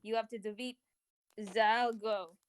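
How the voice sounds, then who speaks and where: Giggly high-voiced woman reading aloud. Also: steady tone, slow. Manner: giggly, jokey, theatrical. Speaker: co-host reading fan fiction aloud. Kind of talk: playful mock-dramatic reading.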